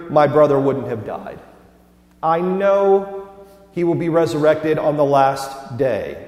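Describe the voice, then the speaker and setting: An earnest male pastor in his thirties preaches in a middle-pitched voice, pressing some words hard and easing off on others. His voice rings out through a large church sanctuary, with a long reverb trailing each phrase. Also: darkish tone. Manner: earnest, rises and falls in emphasis. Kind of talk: sermon. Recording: roomy hall with long reverb.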